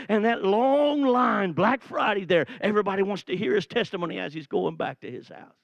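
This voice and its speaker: A man with a notably high voice delivers a lively sermon. He retells a Bible story with animated storytelling and swells to shouts at its peaks. The sound is close and dry. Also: brisk, few pauses, no echo, dull audio. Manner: animated storytelling, acts out quotes, rises to shouts. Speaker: preacher.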